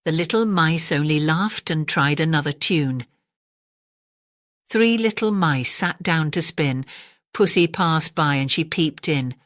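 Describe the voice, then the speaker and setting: A woman narrating a classic storybook in a gentle, measured bedtime reading. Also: low-pitched, dry recording, studio quality.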